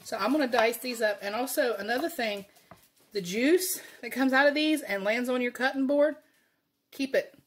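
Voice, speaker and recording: A woman's voice: fairly high pitch, normal speed. A woman with a Southern accent hosting a casual cooking video in her home kitchen, chatty and folksy, laughing often. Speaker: cooking channel host.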